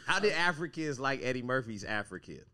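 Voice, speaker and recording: A man who is a comedian, co-hosting a casual podcast chat and telling laid-back stories that drop into low murmurs. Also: sing-song, a little fast, bright, forceful tone.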